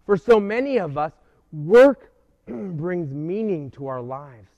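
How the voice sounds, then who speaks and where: A man preaching an earnest sermon, pausing often and posing rhetorical questions to his listeners. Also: fairly high pitch, darkish tone. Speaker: pastor. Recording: dull lo-fi recording.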